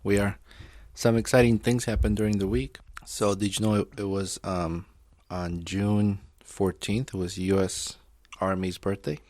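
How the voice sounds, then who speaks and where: A man with a fairly low voice, co-hosting a casual beer podcast. He talks bluntly and swears offhandedly, recorded dry and close. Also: level tone, unhurried, hardly any pauses, a little mellow, no echo. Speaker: podcast co-host. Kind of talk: casual banter over beer.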